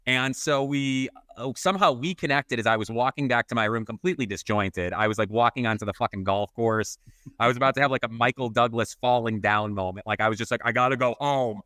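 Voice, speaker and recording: A man's voice: mid-range voice, fast talker, fairly bright tone, no echo. A man co-hosting a podcast, telling a self-mocking story in casual chat and swearing constantly. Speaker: podcast co-host.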